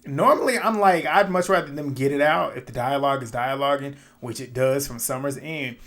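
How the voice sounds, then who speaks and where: A man giving a casual, opinionated recap of a reality show episode, animated, often laughing and swearing. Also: medium pitch, brisk.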